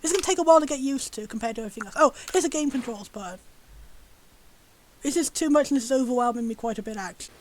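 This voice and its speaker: A woman streaming a game, gushing with excitement and commenting on everything she sees. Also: high voice, racing, a little hiss or hum, low-quality recording. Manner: bubbly, gushing, easily excited. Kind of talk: live gameplay commentary.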